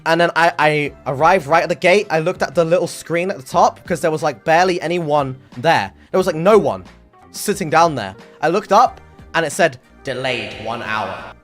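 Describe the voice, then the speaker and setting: A man streaming, telling a story in casual chat, animated and swearing often, acting out the people in it. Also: on the high side, normal speed, faint music behind. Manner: animated, swears a lot, acts out voices in the story.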